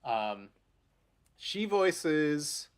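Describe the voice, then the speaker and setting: A man's voice: on the high side, sing-song, drawn-out words, clean tone. A man giving casual gameplay commentary, crude and joking, swearing often. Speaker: game streamer.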